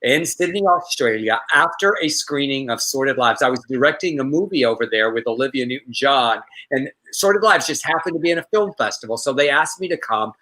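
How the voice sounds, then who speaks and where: Man, middle-aged, co-host, bright voice, rambling and chatty. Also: mid-range voice, expressive, a little fast, hardly any pauses, rough recording. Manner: rambling storyteller with restarts. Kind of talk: casual live show chat.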